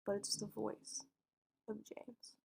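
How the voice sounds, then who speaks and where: A woman's voice: mid-range voice, level tone, slow pace, creaky, mellow, breathy edge. A woman co-hosting a podcast, telling a true crime story in a casual way and acting out what people said. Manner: acts out quotes, sometimes drops to a whisper.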